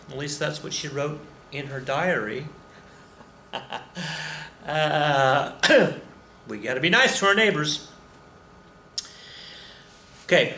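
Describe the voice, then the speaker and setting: A man talks his students through a slide lecture, wandering off track and joking at his own expense between fillers. His voice sits at an average pitch, and the room around him rings with echo. A faint hum of ambient noise stays underneath. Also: sharp tone. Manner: rambling, self-deprecating, with many fillers and asides. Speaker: anthropology teacher. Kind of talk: recorded lecture over slides.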